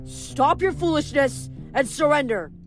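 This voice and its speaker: A bossy, menacing automaton in wolf-head armor, as a woman reading aloud puts him on, barking orders in a storybook reading. He shouts his demands, higher and louder than the narration around him. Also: expressive, a little slow, faint music behind, close to an everyday voice. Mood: commanding.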